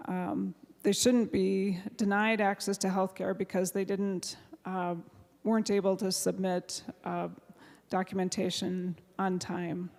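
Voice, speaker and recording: A woman's voice: medium pitch, flat delivery, creaky, darkish tone. A woman senator giving a floor speech on a bill, hesitant with many fillers and restarts. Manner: halting, many fillers and restarts, moved to tears near the end. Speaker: state senator presenting a bill. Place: large legislative chamber. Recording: reverberant chamber floor mic.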